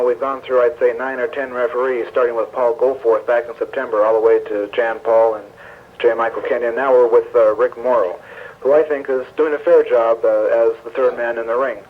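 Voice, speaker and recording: A businesslike man explains matters at a measured pace in a middle-pitched voice, pausing on frequent uhs. The sound is thin and tinny, like a 1970s AM radio broadcast. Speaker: wrestling promoter. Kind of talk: radio interview.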